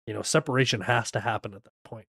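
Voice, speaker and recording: A man's voice: on the low side, fairly even intonation, quick pace, creaky, a bit bright, slight background noise. A man hosting a livestream, giving blunt, profane political commentary over a clip. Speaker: livestream host.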